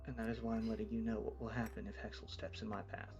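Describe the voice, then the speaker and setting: A man speaking in character in a roleplay game, calm and coldly determined. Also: on the low side, fast talker, gravelly, muffled recording, soft background music. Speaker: roleplay player.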